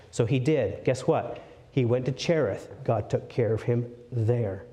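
A male preacher giving a sermon. He asks his listeners questions and drops to hushed tones for emphasis. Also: mid-range voice, a little slow. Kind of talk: sermon, Bible exposition.

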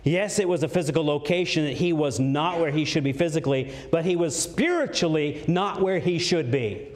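A male pastor preaching with an emphatic, swinging delivery, his fairly high voice jumping up on questions and dropping low for weight. He drifts on and off the mic at times. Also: normal speed. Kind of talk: sermon.

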